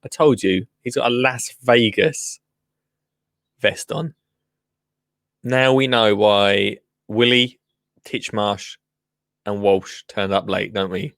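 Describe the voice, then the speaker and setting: A man's voice: lowish voice, slow pace, creaky, long pauses, a bit bright, no room sound, clean studio sound. A man hosting a podcast, casually commenting on a TV show with teasing, joking asides. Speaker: podcast host.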